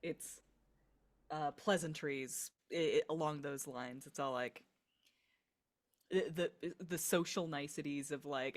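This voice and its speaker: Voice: medium pitch, steady tone, slow pace, long pauses. A tabletop game player who describes their character in a rambling way, peppered with "like".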